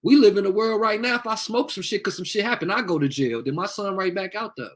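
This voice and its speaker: A man's voice: high-pitched, lively intonation, fairly quick, fairly bright tone. A man speaking into his phone on a live video, confrontational and profane, repeating himself as he appeals to viewers. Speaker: livestreamer asking viewers for help. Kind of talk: heated live video rant.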